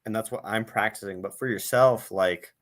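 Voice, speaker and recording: A male host talks with a bright, forceful tone. His delivery is booming and animated. He sounds explosive when he gets going in casual conversation. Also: moderate pace.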